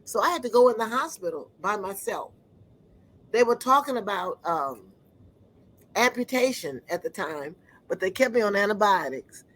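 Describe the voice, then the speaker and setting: A woman giving an earnest personal testimony, often pausing to search for words. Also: mid-range voice, expressive, fairly bright tone, poor audio.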